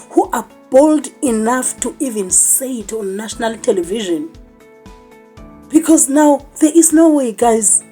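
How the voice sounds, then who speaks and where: A woman's voice: on the high side, warm tone. A South African woman hosting a news commentary channel, talking emphatically and repeating herself for stress. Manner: emphatic, repeats "I'm telling you". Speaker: channel host. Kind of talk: commentary vlog.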